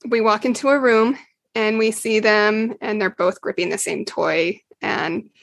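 A woman, a mother, calmly explaining parenting steps in a podcast interview. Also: medium pitch, unhurried, gravelly, dry recording. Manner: calm, explanatory, acts out quotes with laughs. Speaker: parenting guest.

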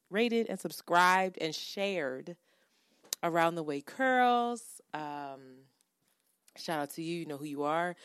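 Lower-pitched woman, casual podcast host. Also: smooth, no echo, clean studio sound. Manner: profane, animated banter. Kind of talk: casual chat.

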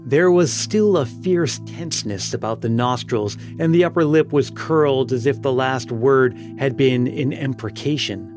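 A man narrating an audiobook tale in a measured, solemn storytelling manner. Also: mid-range voice. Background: music.

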